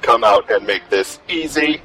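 A man voicing a lovesick, menacing robot with claws, speaking in a flat, deadpan way for improv comedy. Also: mid-range voice, gravelly, faint music behind, full character voice. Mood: deadpan menace. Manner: slow, flat, deadpan delivery.

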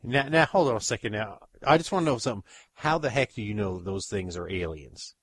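A man's voice: fairly low pitch, lively intonation, a little fast, fairly bright tone, no echo. Folksy male mock-news host, dry sound. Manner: folksy interviewer.

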